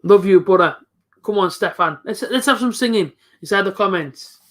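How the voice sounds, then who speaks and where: A young man giving live football reaction commentary as a fan streamer, chatty and excitable, talking to his viewers as he goes. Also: high voice, normal speed.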